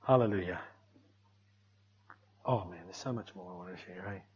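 A middle-aged man preaching a sermon in an animated, conversational way, often tagging his sentences with "eh" and "hey". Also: deep voice, normal speed, breathy edge. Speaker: pastor. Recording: muffled lo-fi recording.

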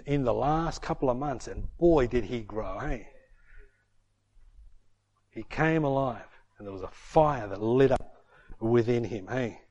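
A man's voice: medium pitch, a little mellow. Middle-aged man, pastor, sermon, emphatic, repeats "hey".

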